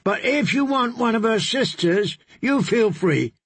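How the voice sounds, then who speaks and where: A man's voice: very high-pitched, animated, measured pace, breathy edge, no room sound, pitched above the performer's own voice, full character voice. A man voicing a drunken, boastful young male singer who teases and swaggers in an audiobook. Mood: tipsy boastful. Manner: teasing, swaggering.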